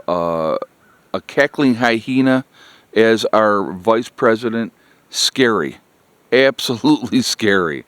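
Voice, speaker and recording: A man's voice: fairly low pitch, clean tone, no echo. Exasperated man ranting to viewers. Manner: exasperated, repetitive, keeps addressing "folks". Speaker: political commentary vlogger. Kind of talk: blunt political rant to viewers.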